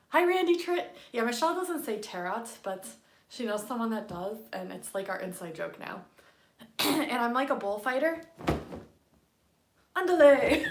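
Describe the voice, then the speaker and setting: Bubbly woman hushing her voice. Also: a little high, roomy sound. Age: adult with a young daughter. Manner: bubbly, giggly, often drops to a hushed voice. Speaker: tarot reader streaming live. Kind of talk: casual live-stream chat. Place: home workspace at night.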